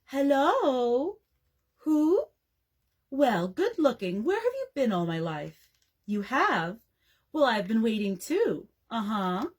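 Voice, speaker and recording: A quick-tempered teenage girl who swings from venomous scorn to syrupy sweetness. A woman reading a storybook voices her in a husky, breathy tone with a lively pitch. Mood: honeyed. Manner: scornful snarling and honeyed cooing. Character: furious older sister, then syrupy sweet.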